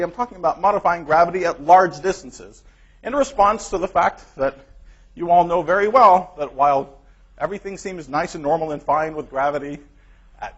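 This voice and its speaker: A man gives an academic colloquium in a lecture hall, speaking with lots of energy and emphasis. His voice sits fairly high. The recording is dull and lo-fi. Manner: energetic, emphatic, laughing at his own remarks. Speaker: guest lecturer. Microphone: clip-on microphone.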